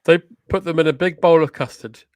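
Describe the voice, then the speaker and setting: A man co-hosting a comedy show, chatting casually with dry, deadpan quips. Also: fairly high pitch, brisk, dry recording.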